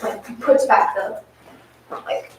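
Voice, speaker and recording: A young woman student musician answering her coach hesitantly, with many fillers. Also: takes it slowly. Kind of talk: casual answer in a masterclass. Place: large echoey rehearsal room. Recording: echoey distant mic with clattering noise.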